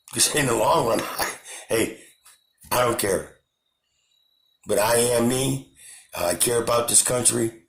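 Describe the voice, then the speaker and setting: Gravelly man ranting in an echoey room. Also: mid-range voice. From United States. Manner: impassioned, repetitive, shouting at times. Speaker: channel host. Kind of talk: angry political rant to camera.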